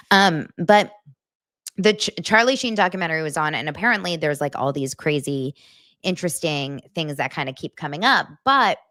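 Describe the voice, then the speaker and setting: A woman in her thirties hosting a casual livestream, chatty and animated as she reacts to chat comments. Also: deep voice, dry recording, studio quality. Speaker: livestream host.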